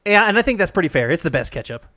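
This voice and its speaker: Quiz host, playful, jokey, animated pitch, mid voice. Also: rapid-fire. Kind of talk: upbeat quiz hosting.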